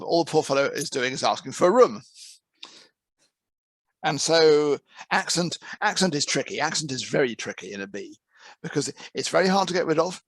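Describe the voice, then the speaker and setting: The head of an interpreting course presents to trainee interpreters in a relaxed, conversational way, repeating words as he picks thoughts back up. His voice is on the high side and expressive, at a normal speed, with no echo.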